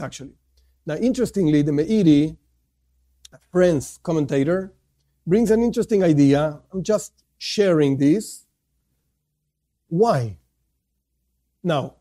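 Animated man teaching a religious class. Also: high-pitched. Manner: animated, asks and answers his own questions. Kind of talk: religious lesson.

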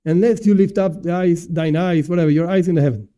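High, dark-toned man teaching Torah. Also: quick pace. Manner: animated, explanatory, asks and answers himself. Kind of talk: informal religious lesson.

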